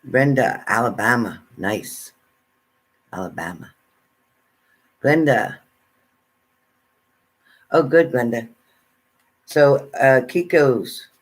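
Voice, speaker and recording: A relaxed man talks his way through a live stream. He greets viewers and reads their comments aloud in a casual, chatty way. His voice sits at an ordinary middle pitch. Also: slow, long pauses. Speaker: tarot reader greeting live chat.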